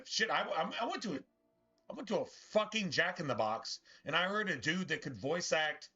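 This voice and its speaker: Guy ranting on his game stream, swears a lot, trips over his words, bright edgy voice, kinda muffled mic. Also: a little high. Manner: profane, bitter, rambling with many restarts. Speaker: gaming streamer. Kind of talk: casual ranting commentary over gameplay.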